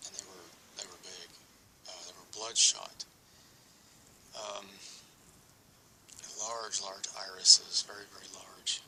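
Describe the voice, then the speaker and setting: A man telling a personal recollection in a halting, hesitant way, often sinking into a whisper. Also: fairly low pitch, pushed and bright, a little hiss or hum, low-quality recording. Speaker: storyteller recounting an alleged encounter.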